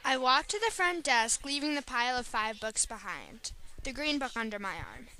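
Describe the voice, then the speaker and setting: A woman reading her own first-person story aloud in a steady storytelling way. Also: fairly high pitch, normal speed, low-quality recording.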